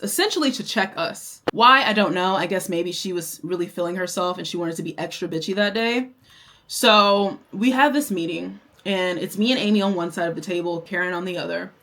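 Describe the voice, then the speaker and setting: A young woman vlogs a storytime while she does her makeup, candid and quick to swear. She tells the story in an animated way. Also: mid-range voice. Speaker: vlogger.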